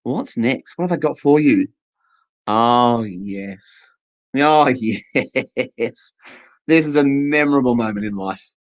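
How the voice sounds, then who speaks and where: A man's voice: mid-range voice, lively intonation, slow pace, poor audio. A man doing a stand-up comedy set to camera, chatty and playful, acting out little scenes.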